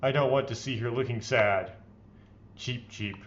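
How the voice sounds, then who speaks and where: A man's voice: mid-range voice, fairly quick, dull audio. A man hosting a let's play, reading visual novel text aloud in a playfully theatrical way and adding his own comments.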